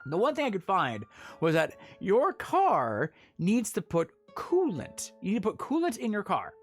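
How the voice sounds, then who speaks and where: A man chatting casually with his stream audience as he tells a story, animated and often laughing. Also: high-pitched, a little slow, husky, soft background music. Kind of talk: casual story time chat.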